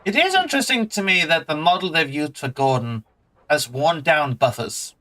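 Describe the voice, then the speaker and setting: A man streaming a relaxed game, chatting in a rambling, playful, self-mocking way. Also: a little high, moderate pace, poor audio. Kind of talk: casual gameplay commentary.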